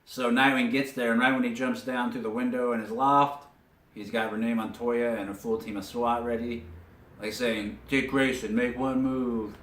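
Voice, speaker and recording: A man giving a casual spoken recap of a cartoon episode, telling it as an animated story with lots of filler words. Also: medium pitch, moderate pace. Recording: roomy echo, distant from mic.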